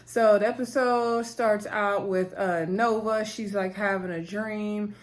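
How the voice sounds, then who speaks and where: A woman's voice: medium pitch, fairly even intonation, unhurried. Chatty woman recapping a TV show. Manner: chatty, addresses viewers as y'all, asides and laughs. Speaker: TV recap host. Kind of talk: casual TV episode recap.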